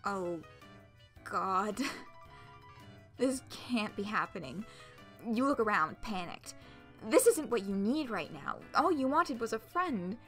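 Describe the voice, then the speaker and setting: A woman streamer reading a visual novel aloud, expressive, laughing often and swearing casually. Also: mid-range voice, slow pace, pauses often, faint music behind.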